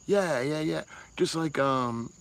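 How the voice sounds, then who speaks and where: A man's voice: a little high, takes it slowly, gravelly, a bit bright, rough recording. A man, rambling casually and swearing freely on a livestream while answering chat. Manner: rambling, profane, laid-back.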